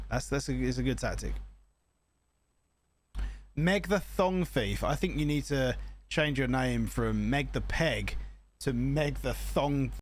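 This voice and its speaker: Lively joking man. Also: mid-range voice, takes it slowly, pauses often, slight background noise. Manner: joking, rambling, laughs often. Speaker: reaction video host. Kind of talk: casual reaction commentary.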